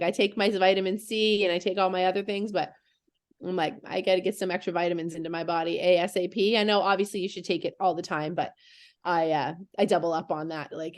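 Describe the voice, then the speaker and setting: A woman hosting a casual group call, chatty and loose, laughing and trailing off as she talks. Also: mid-range voice. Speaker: host of a product call.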